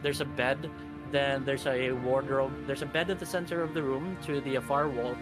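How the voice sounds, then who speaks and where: A man's voice: mid-range voice, steady tone, moderate pace. A man running a tabletop game as game master, describing scenes in a hesitant way full of fillers and restarts. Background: background music.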